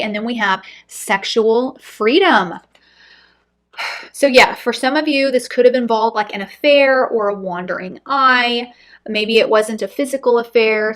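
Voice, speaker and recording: A woman's voice: fairly high pitch, a bit bright. Earnest, reassuring woman reading tarot. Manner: earnest and reassuring, with frequent "um" and "you know"; speaks directly to viewers, checking in with "okay?". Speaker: tarot reader. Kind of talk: pick-a-card tarot reading to camera.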